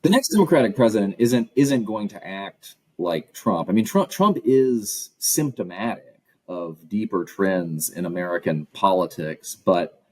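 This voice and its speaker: A man, a professor being interviewed, answering in a measured, analytical way with concise phrasing. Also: on the low side, lively intonation, dry recording, low-quality recording. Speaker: guest author and professor.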